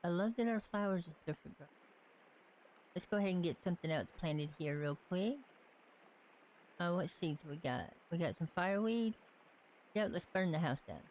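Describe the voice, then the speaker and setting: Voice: mid-range voice, expressive, normal speed, long pauses, a little mellow, slight background noise. A game streamer from the Southern United States with a light Southern accent, casually chatting and thinking aloud while playing. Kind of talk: casual live-stream gameplay commentary.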